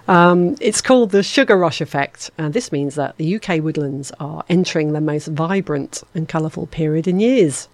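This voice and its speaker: A woman's voice: low voice, moderate pace, few pauses, a little mellow, no echo. A woman presenting a lunchtime radio show in a studio, chatty and playful, joking at herself. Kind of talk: casual radio chat.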